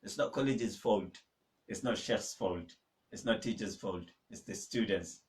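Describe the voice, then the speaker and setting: Man drilling Arabic words, a bit distant. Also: on the low side. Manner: drills words slowly, makes students repeat; emphatic, exhorting. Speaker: Arabic teacher. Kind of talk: online language lesson. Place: mosque teaching room. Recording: voice a little far from the mic.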